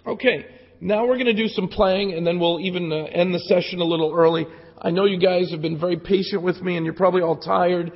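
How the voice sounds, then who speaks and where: Hoarse man lecturing in a reverberant hall. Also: sits high, steady tone, brisk. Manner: casual, joking asides to the audience. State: losing his voice from jet lag. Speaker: security conference speaker. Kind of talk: live technical talk with demos. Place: conference hall. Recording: lo-fi hall recording with long reverb.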